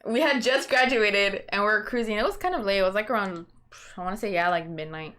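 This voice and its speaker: A woman's voice: medium pitch, fast talker, fairly bright tone. A young woman co-hosting a podcast, telling a story in casual chat with lots of swearing and "dude". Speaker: podcast co-host.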